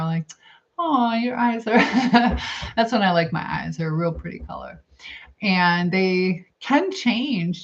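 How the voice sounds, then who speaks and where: A middle-aged woman hosting a casual livestream, chatting with viewers and rambling as she eats and reads comments. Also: on the low side. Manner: chatty, rambling, thinks aloud while eating. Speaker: livestream host. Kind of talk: casual live chat reading comments. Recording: dull lo-fi stream audio.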